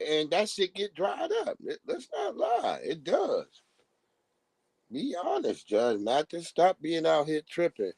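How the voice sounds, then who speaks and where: A man doing a casual live-stream rant as a commentator, profane and animated, mocking his subject and breaking into laughter often. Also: a little high, unhurried, gravelly, husky, dry recording. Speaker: livestream commentator.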